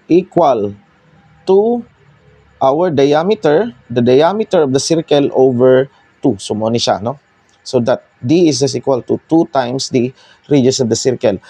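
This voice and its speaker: Filipino man teaching math, mellow tone. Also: on the high side, husky, no room sound. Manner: code-switching, explaining step by step with pauses. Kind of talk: whiteboard math lesson.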